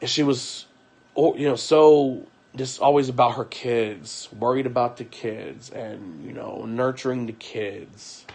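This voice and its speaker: Young adult male streamer at home: worn-out, hurt tone, halting delivery with many repeats, average pitch. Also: vocal fry, a little mellow. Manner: halting, repeats words often; weary and aggrieved. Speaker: livestreamer. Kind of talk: emotional live-stream monologue.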